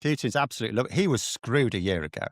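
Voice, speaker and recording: A man's voice: mid-range voice, lively intonation, quick pace, dry recording, studio quality. A British man giving casual political analysis, talking bluntly and animatedly with slangy asides. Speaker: political commentator.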